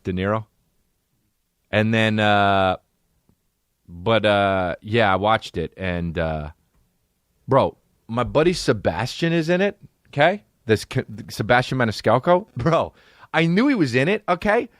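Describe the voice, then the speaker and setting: A man's voice: fairly low pitch, lively intonation, a little slow, long pauses, dry recording, clean studio sound. A man hosting a podcast, rambling through a profane, comedic rant.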